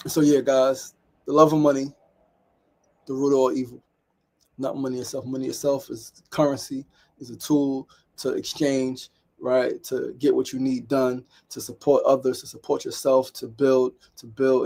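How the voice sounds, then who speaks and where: Candid New man, gravelly voice. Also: medium pitch, dark tone. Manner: candid, repetitive, storytelling with acted quotes. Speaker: daily show host. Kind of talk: reflective solo monologue.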